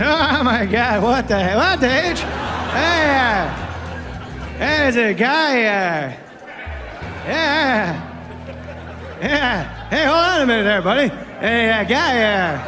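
A comedian doing a hesitant, mumbling impression, broken by laughs. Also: male voice, high-pitched, long reverb tail. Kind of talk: comic impressions. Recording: loud crowd and music behind.

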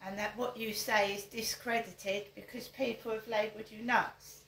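A woman's voice: mid-range voice, flat delivery, normal speed, vocal fry, a bit bright, roomy sound, slight background noise, low-quality recording. An older woman, talking straight to camera, stressing her points and repeating them as rhetorical questions. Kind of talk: direct-to-camera monologue.

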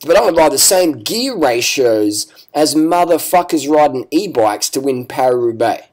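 A man's voice: a little high, lively intonation, normal speed, darkish tone. A man giving ranting vlog commentary, profane, sarcastic and combative. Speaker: cycling vlogger.

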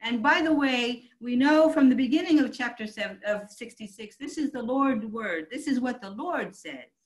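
A woman's voice: on the high side, animated, moderate pace, poor audio. A woman pastor preaching a sermon, emphatic and calling out to her congregation. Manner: emphatic preaching, calls out to the church.

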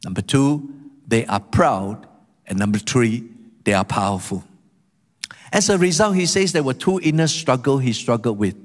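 A man's voice: mid-range voice, expressive, normal speed. Man preaching a sermon in a reverberant church hall. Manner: emphatic, with rhetorical questions to the congregation. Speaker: guest pastor. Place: church sanctuary.

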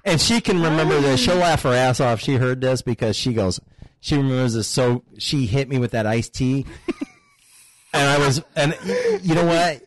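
A man in his fifties sits in as a guest on a casual podcast and tells rowdy family stories with a laugh never far off. He is crude and animated. The mic is close and the sound dry, with no room around him. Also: medium pitch, normal speed, dry recording. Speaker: guest, father of a host.

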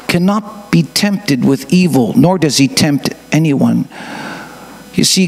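A man's voice: high-pitched, gravelly, slightly rough. A man in his fifties preaching a sermon as pastor of a church, often asking the congregation questions and adding joking asides. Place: church sanctuary.

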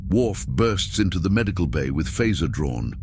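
A man with a low voice reads sketch narration in a deadpan, even manner. A clear hiss of noise sits under the recording. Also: moderate pace. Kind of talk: scripted narration.

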